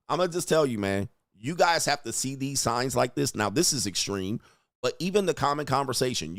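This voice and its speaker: A man's voice: mid-range voice, no echo. A man hosts a talk show and reacts to clips with blunt, profane mockery. His voice sits in a middle register. It is recorded on a close, dry mic with no room sound. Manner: blunt, crude, mocking, acts out quoted voices. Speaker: host reacting to video clips. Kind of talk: profane commentary on relationships.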